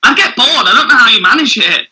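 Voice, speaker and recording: A woman's voice: fairly high pitch, very animated, fast, bright, forceful tone, low-quality recording. A woman co-hosting a podcast in casual chat, rambling with filler words and frequent giggles. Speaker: podcast co-host.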